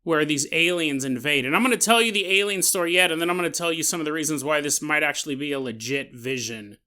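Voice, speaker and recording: A man hosts a podcast and tells a strange story casually. He jokes and slips into little acted scenes. His voice has a bright, forward tone. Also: a little high, fast talker. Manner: animated, joking, acts out scenes. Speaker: podcast host.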